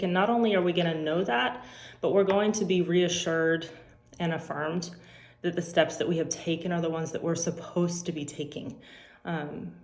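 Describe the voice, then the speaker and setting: Woman, forties, low voice, halting and earnest, um-filled devotional, roomy echo. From California. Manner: earnest, halting, with frequent ums. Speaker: teacher giving a church devotional. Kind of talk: personal devotional talk.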